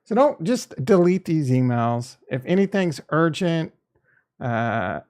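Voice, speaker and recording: A man's voice: on the high side, big pitch swings, slow pace, a little mellow. A man hosting a crypto investing channel, talking in a candid, rambling way that is casual and peppered with swearing.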